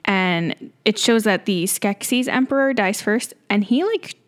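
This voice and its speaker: A woman's voice: medium pitch, a little slow. A woman co-hosting a casual podcast, recapping a film with laughs and quoted reactions. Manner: laughing, animated, quotes her own reactions. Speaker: podcast co-host. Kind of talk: casual movie recap chat.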